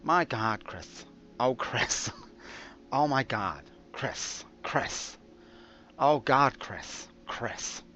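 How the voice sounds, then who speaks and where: A British man putting on a low, breathy, swooning wife in a mock romance. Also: animated, drawn-out words, sharp tone, exaggerated voice. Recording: dull lo-fi with faint hiss.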